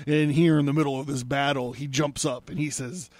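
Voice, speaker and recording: A man hosting a podcast, casually recapping a comic book in a relaxed way, chuckling often and using many filler words. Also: medium pitch, fairly quick, dry recording. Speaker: podcast host.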